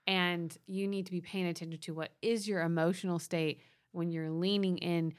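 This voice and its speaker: A woman's voice: fairly low pitch, fairly even intonation, moderate pace. A woman in her thirties co-hosting a podcast, chatting and explaining parenting advice. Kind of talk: casual conversational advice.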